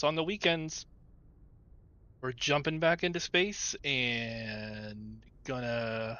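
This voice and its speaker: A man's voice: fairly high pitch, fairly bright tone, no echo. A man streaming a game, signing off casually to his viewers in a rambling, affectionate way with plenty of filler words. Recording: muffled lo-fi audio with faint music. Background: faint background music.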